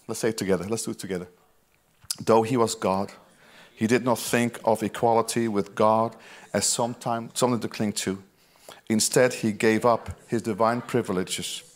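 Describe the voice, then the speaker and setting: A pastor preaching a sermon, reading scripture with emphasis, mixing quiet asides with loud, drawn-out lines and chatty "you know"s. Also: male voice, fairly low pitch. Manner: reads scripture aloud with emphasis.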